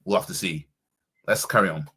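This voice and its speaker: A man's voice: deep voice, fairly quick, bright, forceful tone, husky. A man reacting casually on a stream as a football fan, with a slangy, stumbling way of talking.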